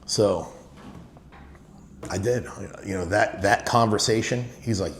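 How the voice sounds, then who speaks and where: On the low side and taking his time, this middle-aged man speaks as a business-owner guest in an interview. He tells candid stories with emphasis and many "you know"s, recorded in an echoey room with faint noise.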